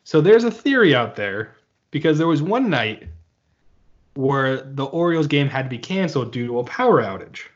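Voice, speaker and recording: A man's voice: medium pitch, big pitch swings, moderate pace, lo-fi sound. A man co-hosting a casual podcast chat, playfully spinning wild hypotheticals. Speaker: podcast co-host.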